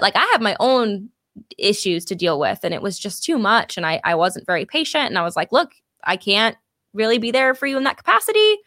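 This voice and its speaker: Bright, candid woman swearing in chat. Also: medium pitch. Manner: candid, swears freely, lots of "like". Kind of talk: casual chat.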